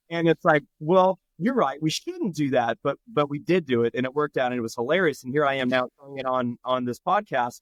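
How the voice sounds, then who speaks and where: A man's voice: a little high, no echo. A man from Nebraska, a firefighter guest, telling a story in casual chat and acting out the people in it. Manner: animated, acts out quoted voices.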